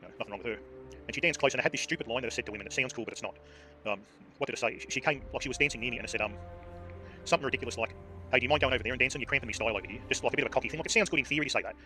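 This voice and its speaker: An Australian man spins a rambling, swear-laden yarn at a breakneck clip. His pitch sits in an ordinary middle range. Game music plays clearly under his voice. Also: racing, pushed and bright. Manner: rambling, swears freely, many fillers. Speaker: streamer. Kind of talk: casual storytelling while gaming.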